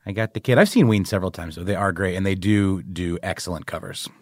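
Playful lively-voiced man co-hosting. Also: low-pitched, quick pace, dry recording, clean studio sound. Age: 30s. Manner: joking, playful banter. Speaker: podcast co-host. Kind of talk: casual chat.

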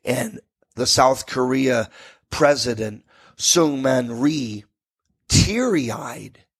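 Folksy American talk radio host. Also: male voice, medium pitch, lively intonation, extremely slow, slightly rough. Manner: folksy and rambling, with asides to listeners. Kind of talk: talk radio history segment. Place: radio studio.

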